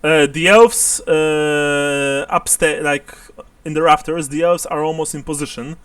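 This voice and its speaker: A man's voice: on the high side, fairly even intonation, measured pace, fairly bright tone, clean tone, no room sound, distant mic. A man narrating a tabletop role-playing game as game master, chuckling often as he describes scenes.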